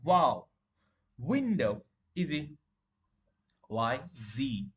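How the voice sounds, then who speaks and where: A man's voice: medium pitch, big pitch swings, very slow, a bit bright. A man teaching beginners to pronounce letters, repeating each word and correcting common mistakes. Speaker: English teacher. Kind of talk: beginner pronunciation lesson.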